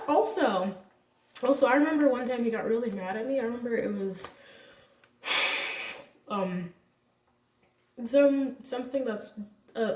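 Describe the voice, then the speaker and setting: A woman's voice: fairly high pitch, distant mic. Young woman vlogger telling a story. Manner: candid, animated retelling with quoted voices and laughs. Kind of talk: casual storytime. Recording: echoey room, voice a bit off-mic.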